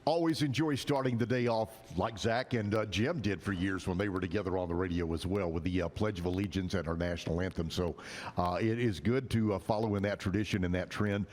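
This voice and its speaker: A man's voice: deep voice, fairly quick, darkish tone, a little hiss or hum. A man with a Texan accent hosting a casual live talk show, folksy and teasing with frequent laughs. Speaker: stand-in host. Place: outdoor backyard bar stage. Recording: long reverb.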